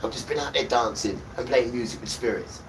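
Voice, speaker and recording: A man's voice: mid-range voice, brisk. A man hosting a livestream, delivering a scolding, sermon-like rant full of repeated insults. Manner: scolding, repetitive, hurls insults. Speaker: livestream host. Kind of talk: ranting sermon-like monologue. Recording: distant mic with loud background noise.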